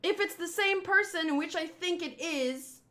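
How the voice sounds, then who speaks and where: A young woman with a high, bright voice talks straight to her viewers, venting her frustration. She rambles, swears freely and circles back on herself as she complains. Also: unhurried. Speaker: streamer and host.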